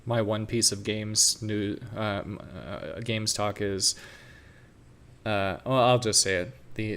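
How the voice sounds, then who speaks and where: Hesitant low-voiced man on a podcast. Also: fairly bright tone, a little hiss or hum. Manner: hesitant, stammering restarts. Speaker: podcast co-host. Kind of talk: casual chat.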